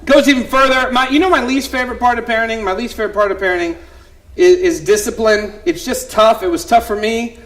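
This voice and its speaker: With a faint crowd audible, a youth pastor in his thirties performs his one-man comedy act on a theater stage. His voice is very high-pitched, steady in tone, and fast, as his stories veer from soft asides to loud exclamations.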